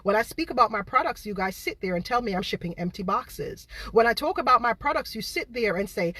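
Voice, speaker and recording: A woman's voice: fairly high pitch, animated, a little fast, few pauses, a bit bright, breathy edge, no echo. A Jamaican woman baker ranting indignantly to her viewers, repeating herself and firing rhetorical questions. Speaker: baker running her own cake business. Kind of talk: ranting livestream monologue.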